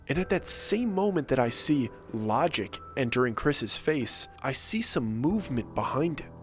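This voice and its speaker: A man narrating a first-person scary story in an animated, suspenseful way, acting out the dialogue as he goes. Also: medium pitch, normal speed, soft background music.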